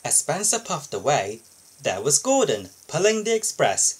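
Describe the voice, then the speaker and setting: A man reading a children's storybook aloud in an expressive, sing-song way. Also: on the high side, moderate pace, slightly rough, low-quality recording. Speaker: storybook reader.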